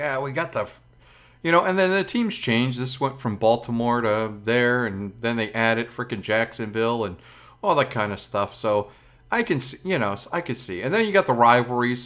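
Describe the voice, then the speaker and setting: A man's voice: medium pitch, fairly bright tone. A man with a Brooklyn accent, talking casually as a channel host, rambling with lots of fillers and crude swearing. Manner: crude, profane, chatty with many fillers.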